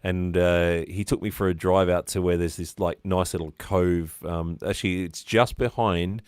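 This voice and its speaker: Casting: Australian male host, rambling storyteller, deep voice, dry video-call audio. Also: steady tone, normal speed, darkish tone, clear, resonant tone, no echo. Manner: chatty storyteller, rambling with fillers. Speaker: livestream host. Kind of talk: casual interview chat.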